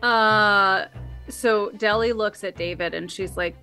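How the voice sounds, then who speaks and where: Slow-talking woman player narrating. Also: mid-range voice, faint music behind. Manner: animated storytelling with many fillers. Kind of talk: tabletop role-play narration.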